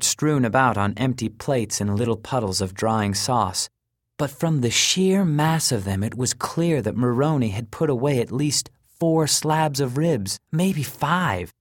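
A man reads a darkly comic story aloud in a measured, unhurried storybook voice of middling pitch. The recording is dry and close, with no room sound around him. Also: no echo. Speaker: narrator. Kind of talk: storybook narration.

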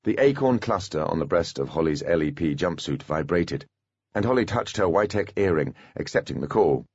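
A man reading an audiobook in an expressive storytelling manner. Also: sits low, moderate pace, husky, no room sound. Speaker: audiobook narrator. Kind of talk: scripted audiobook narration. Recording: dull, dry lo-fi recording.

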